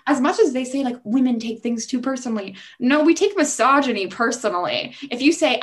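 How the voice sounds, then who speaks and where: A woman's voice: a little high, lively intonation, fairly quick, few pauses. A young adult woman talking as a podcast guest in a casual interview, chatty and full of "like", acting out the voices she quotes. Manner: chatty, heavy use of "like", acts out quoted voices.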